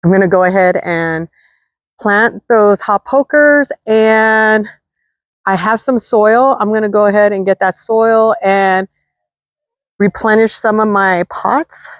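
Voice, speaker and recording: Heat leaves this woman breathless as she vlogs from her desert garden, chatting warmly and excitedly to viewers. Her medium-pitched voice is unhurried, with no room sound, in a laid-back gardening video.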